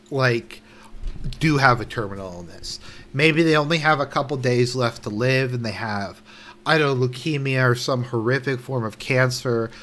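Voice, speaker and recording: A young man giving casual commentary while reading a news article aloud, indignant and sarcastic, swearing, halting and restarting often. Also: medium pitch, fairly bright tone. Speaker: online commentator.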